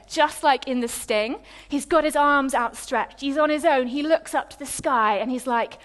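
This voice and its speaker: A woman preaching a sermon, retelling a scripture story with lively, dramatic pacing and pauses. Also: high voice.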